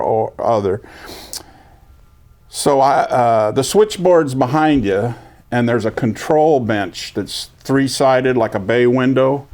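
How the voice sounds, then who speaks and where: An older veteran in an oral history interview, telling his story with energy and acting out other people's lines. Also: on the low side. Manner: lively storyteller, acts out quoted voices.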